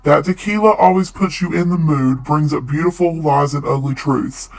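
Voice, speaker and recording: A man hosting a commentary channel, reading scripted narration in a measured, analytical way. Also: fairly high pitch, poor audio.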